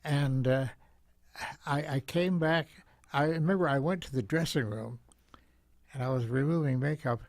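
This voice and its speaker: An older man, a guest on a talk show, telling a story in a gentle, reflective way with frequent repeats. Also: medium pitch, moderate pace, pauses often, no echo.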